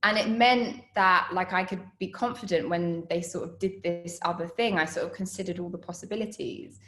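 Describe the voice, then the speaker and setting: An actress in her thirties answers student questions in a loose, chatty way, full of fillers and quick laughs. Her voice sits a little low for a woman. The room around her rings with echo. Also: a bit bright. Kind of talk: casual Q&A over video call. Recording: roomy echo on a call.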